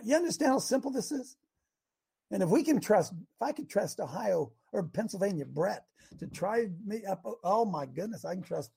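A man preaching an interactive sermon, animated and quizzing his listeners, bursting into shouts to drive a point home. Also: high-pitched, gravelly, breathy edge. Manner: banters with and quizzes the congregation.

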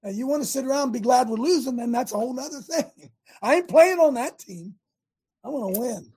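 A man's voice: very high voice, expressive, fairly quick, dark tone, husky. An older American man hosting a talk show, rallying listeners in a rambling, preachy monologue with many restarts.

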